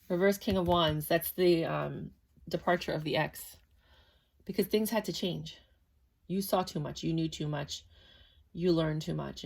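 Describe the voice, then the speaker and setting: A woman giving a casual, chatty tarot reading to camera, talking in a matter-of-fact way with lots of fillers. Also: low voice. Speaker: tarot reader.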